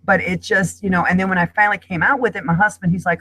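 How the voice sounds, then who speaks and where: A woman's voice: lowish voice, quick pace, few pauses, bright, forceful tone, husky, no room sound, low-quality recording. A middle-aged woman speaking as a guest in an emotional panel discussion, talking in an impassioned, emphatic way.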